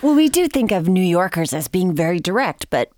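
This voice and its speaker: Lively low-voiced woman interviewer. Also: brisk, dry recording, studio quality. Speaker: interviewer host. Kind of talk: conversational interview.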